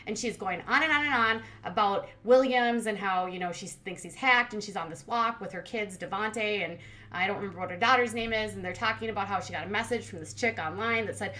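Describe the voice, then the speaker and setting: A woman with a mid-range, pushed and bright voice talks fairly quickly while hosting a commentary channel. She recaps a reality show in a casual, sarcastic and blunt way, saying "like" constantly.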